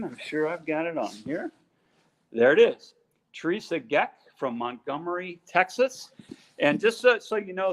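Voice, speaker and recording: A man's voice: fairly high pitch, a bit bright. Chatty man reading names on a live stream. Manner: chatty, joking, many fillers. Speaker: co-host reading out purse makers' names. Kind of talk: casual live-stream chat.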